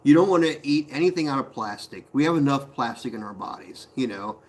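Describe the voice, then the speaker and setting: A man's voice: medium pitch, animated, a little fast, darkish tone. A man chatting casually on a live stream from his pottery studio, reading viewer comments aloud, talking to viewers by name and laughing often.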